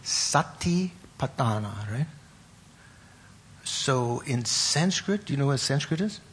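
A man teaches a class on Buddhist meditation and terminology, pausing often, repeating words and asking his students questions. His medium-pitched voice is animated and fairly bright, with slight background noise.

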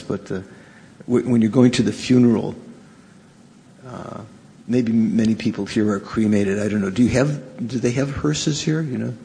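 A man teaching Buddhism to a live audience in a halting, conversational way, often stopping to question his listeners. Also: lowish voice, vocal fry, a little mellow. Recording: reverberant hall, faint background noise.

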